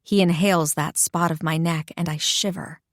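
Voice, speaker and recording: A woman narrating a first-person romance audiobook in an expressive, intimate storytelling voice. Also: lowish voice, normal speed, no echo, clean studio sound.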